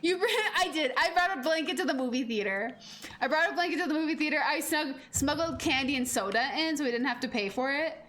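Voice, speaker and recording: A woman in her twenties streaming a game, chatting in a rambling, animated way with lots of fillers and casual swearing. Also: high-pitched, fast. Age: 20s. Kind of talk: casual gameplay chat.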